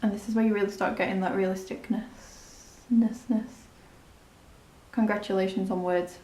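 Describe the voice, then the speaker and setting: A woman's voice: medium pitch, fairly even intonation, normal speed, dark tone. Chatty woman in an echoey room. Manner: chatty, rambling, self-deprecating. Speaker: makeup tutorial host. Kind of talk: casual step-by-step tutorial narration.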